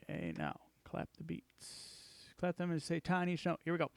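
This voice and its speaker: A man's voice: fairly high pitch, animated, moderate pace, creaky, hardly any pauses, heavy background noise. A male music teacher reading worksheet instructions aloud and counting beats as he walks through the exercises.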